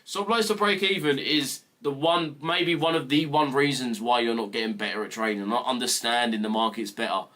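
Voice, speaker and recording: A young British man mentors viewers on a live trading stream, ranting bluntly and swearing freely in casual chat. His British English voice is medium-pitched, bright and forceful, and he speaks briskly with hardly any pauses. His ranting is blunt, profane and mock-serious.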